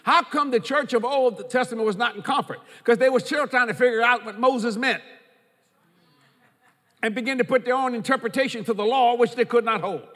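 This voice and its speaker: High bright-voiced male preacher, reverberant hall. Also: a little fast. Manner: preaching with emphatic repetition, quoting scripture. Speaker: pastor. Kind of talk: sermon.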